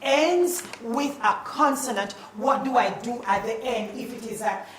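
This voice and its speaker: A woman teacher, leading a playful, animated spelling lesson in a classroom. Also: fairly high pitch, measured pace, crowd noise. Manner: animated and playful, calls out questions. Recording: echoey classroom, mic at a distance.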